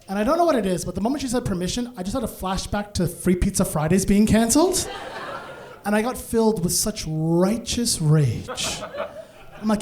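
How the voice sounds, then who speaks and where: A man doing stand-up storytelling on a comedy stage, animated and laughing through his lines. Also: sits high, normal speed.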